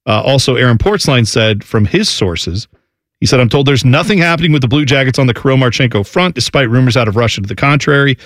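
A man co-hosting a casual sports talk show, talking in a lively, mocking way and slipping into quick impressions of other people. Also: medium pitch, dry recording.

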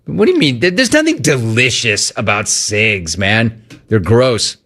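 A middle-aged sports radio host runs a call-in show, ranting with animated energy at a slightly slow pace. He mocks cheerful greetings by putting on a high voice.

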